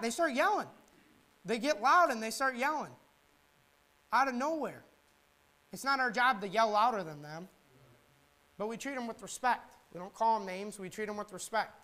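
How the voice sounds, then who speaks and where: A young man preaching a sermon in a conversational, animated way, mixing slang with scripture. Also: high-pitched.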